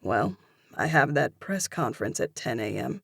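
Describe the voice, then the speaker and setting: A woman's voice: a bass voice, sing-song, moderate pace, creaky, fairly bright tone, slightly rough, dry recording, clean studio sound, voice pushed down, exaggerated voice. A woman narrator voicing a confident, playful young male cage fighter in an audiobook, with an easygoing, teasing manner. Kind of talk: audiobook character voice.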